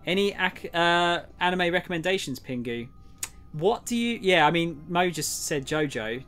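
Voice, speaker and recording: A young man chats casually with viewers on a live game stream, greeting them and muttering under his breath as he tackles puzzles. His voice sits on the high side with lively intonation at normal speed, backed by soft music.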